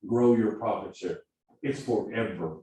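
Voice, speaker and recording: A man's voice: on the low side, unhurried. A man with a Southern accent coaching a class of new agents, keeps checking in with "right?". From Missouri. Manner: energetic, keeps asking "right?". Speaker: productivity coach. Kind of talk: classroom training talk. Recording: echoey room from far off, faint hiss.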